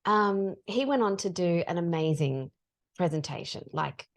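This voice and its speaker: A middle-aged woman speaks as a podcast guest, spinning an anecdote in a relaxed, chatty way. Her voice sits a little low but moves freely, and she slips into other people's words as she tells it. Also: measured pace. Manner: animated, acts out dialogue in her stories. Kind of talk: casual storytelling.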